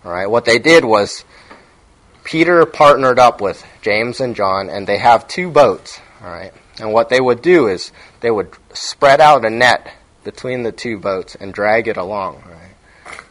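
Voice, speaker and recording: A man's voice: medium pitch, animated, a little slow, a bit bright, rough recording. A man giving a sermon in a conversational teaching manner, often checking in with his listeners. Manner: conversational, frequent "right?" check-ins. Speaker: preacher.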